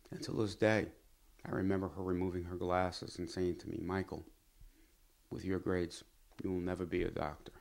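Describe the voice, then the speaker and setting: A middle-aged doctor tells his own story in a measured, earnest way. His voice sits very low and deep. He speaks reflectively, like someone looking back on a lesson he has lived by. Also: gravelly. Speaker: physician and pharma executive. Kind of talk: personal storytelling to camera.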